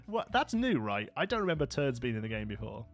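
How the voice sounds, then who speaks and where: Hosting a gameplay livestream, a man from Birmingham, England speaks in a mid-range voice with a Brummie accent. He keeps things casual and chatty, laughing a lot and replying to viewer comments.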